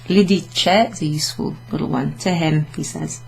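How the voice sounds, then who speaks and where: Chatty woman teaching Italian, lower pitch, slow careful examples. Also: creaky, a little mellow, slightly rough, low-quality recording. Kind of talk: casual classroom explanation.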